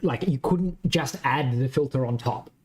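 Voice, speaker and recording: A man's voice: mid-range voice, normal speed, a little mellow, slight background noise. A man with a mild West Australian accent, a game developer chatting casually while coding, thinking aloud, rambling and swearing now and then. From Western Australia. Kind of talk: casual live-coding chat.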